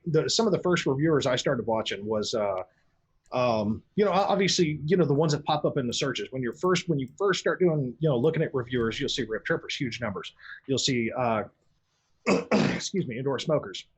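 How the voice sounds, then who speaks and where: A man with a husky voice and lively intonation talks a little fast as a guest on a casual podcast. Blunt and foul-mouthed, he rambles through stories, acting out quoted voices with big jumps in pitch.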